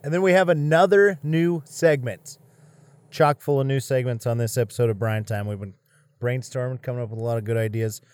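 A man's voice: medium pitch, brisk, darkish tone, clear, resonant tone, no room sound. A man co-hosting a casual show, playful and teasing as he banters and announces new segments. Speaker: podcast co-host. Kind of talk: casual chat.

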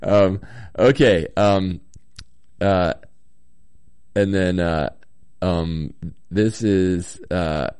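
A man's voice: low voice, extremely slow, pauses often, a little mellow, clean tone, no echo, studio quality. A man hosting a casual solo talk show from a hotel room, reading listener comments with a slight cold, rambling with lots of ums and little chuckles.

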